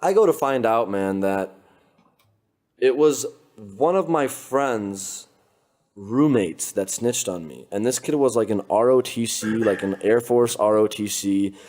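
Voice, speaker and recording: Podcast guest: young man, low voice, casual, rambling delivery full of fillers. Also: a little slow. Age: young adult. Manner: loose, animated, full of filler words and laughter. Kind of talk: casual storytelling. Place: his apartment.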